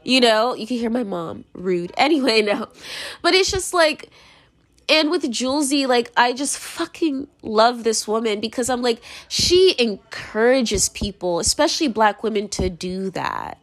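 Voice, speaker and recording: A woman's voice: a little high, lively intonation, unhurried. A young American woman giving her opinions in a casual monologue, rambling, blunt and profane, with lots of "like". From United States. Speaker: commentator.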